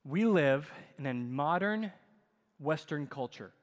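A man preaching a sermon as pastor, telling stories with dramatic swings in loudness. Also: a little high, slow pace. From United States. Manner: animated storytelling, dramatic shifts in loudness. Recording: long hall reverb.

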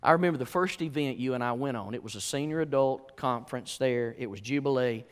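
A man's voice: mid-range voice, brisk, smooth. A man preaching a sermon, telling a story with folksy asides and repeated rhetorical questions. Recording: echoey hall.

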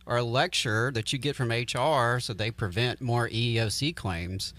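A man co-hosting a radio talk show in casual discussion, wry and agreeing while adding sharp remarks. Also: mid-range voice, moderate pace, dry recording.

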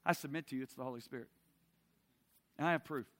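A middle-aged man preaching a sermon, swinging from loud emphasis to soft intimacy and asking the audience direct questions. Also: mid-range voice, fast, long reverb tail.

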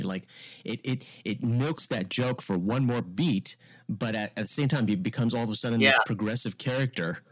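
A man's voice: mid-range voice, moderate pace, no room sound. A man who acts, talking candidly as a guest in a casual interview, rambling and restarting as he tells stories. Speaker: actor guest.

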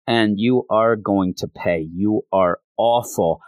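A man's voice: fairly low pitch, slow pace, darkish tone, no room sound, studio quality. A man voicing a stern, threatening woman figure while recapping a comic.

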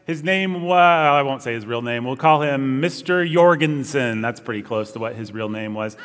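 A man's voice: on the high side, lively intonation, normal speed, a bit bright. Young male pastor, easygoing anecdotal sermon, long church reverb. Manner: conversational, storytelling, self-deprecating asides. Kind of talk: sermon with opening prayer.

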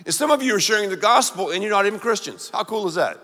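A man preaching a sermon, leading the congregation to repeat lines back to him in an animated way. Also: high-pitched, fast talker, long reverb tail, a little hiss or hum. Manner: animated, call-and-response with congregation. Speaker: pastor.

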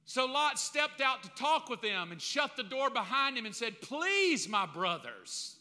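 A middle-aged pastor preaches a sermon, telling the story with humor and acting out the voices of a crowd. His voice is very high-pitched, expressive, bright and forceful at normal speed, with the long reverb of a large hall.

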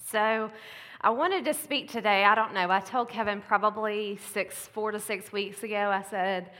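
Bright and forceful, with fairly even intonation at a normal speed, a woman's mid-range voice carries a casual Mother's Day sermon. She is the pastor's wife, laughing in asides as she chats, and the recording has a long reverb from the church sanctuary.

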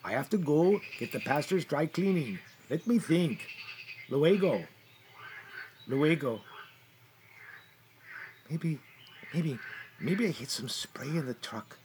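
Brief: fretful man, a gardener sketch, slow, husky and lively, a higher voice. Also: slight background noise. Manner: fretful, muttering to himself, fond with his plants. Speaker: comedic performer as a gardener. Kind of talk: comedy sketch monologue.

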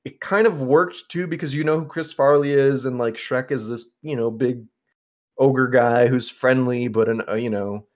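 A man's voice: mid-range voice, moderate pace, a little mellow. A young man co-hosting a podcast in casual chat, rambling with lots of filler words and the odd swear. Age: young adult. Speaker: podcast co-host.

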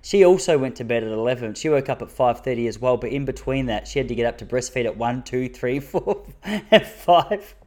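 An Australian man in his thirties doing stand-up, his storytelling wry and self-mocking. He talks in punchy bursts and jumps his voice up high whenever he quotes someone, then drops back to a level, mid-pitched tone. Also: fast talker, few pauses, mellow. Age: 30s. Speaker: stand-up comedian.

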